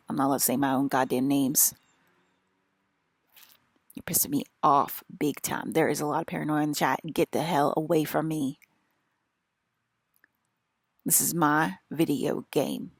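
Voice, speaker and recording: A woman's voice: deep voice, gravelly, breathy edge, dry recording. A woman with an American country accent, rambling in an agitated, profane and repetitive monologue as a vlogger.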